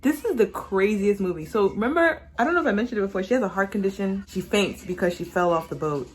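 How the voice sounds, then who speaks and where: A young woman casually recapping a movie on her vlog, sassy and animated, acting out the characters as she talks. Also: medium pitch, fast talker. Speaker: vlogger reviewing a movie while doing makeup. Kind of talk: casual chat.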